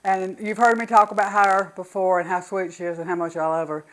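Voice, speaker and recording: A woman's voice: mid-range voice, little pitch movement, brisk, rough recording. An older woman with a Southern US accent, chatting folksily and enthusiastically while demonstrating home cooking in her kitchen.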